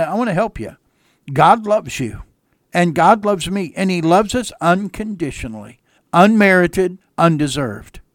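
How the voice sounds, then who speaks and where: Earnest folksy pastor, slightly high voice. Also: male voice, dry recording, studio quality. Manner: folksy and earnest, repeats phrases for emphasis. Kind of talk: radio sermon.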